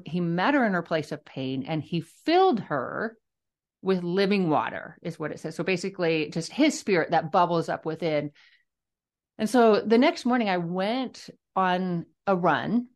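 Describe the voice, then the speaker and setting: A middle-aged woman with a low voice shares a personal testimony on a podcast. She tells it earnestly and reflectively, pausing and restarting her sentences as she thinks. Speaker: guest author sharing her testimony.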